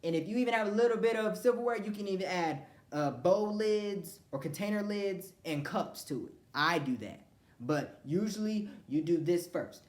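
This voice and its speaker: A woman's voice: medium pitch, expressive, moderate pace, a little mellow, roomy sound. A woman ranting casually to camera, blunt and profane, acting out what other people said. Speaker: vlogger.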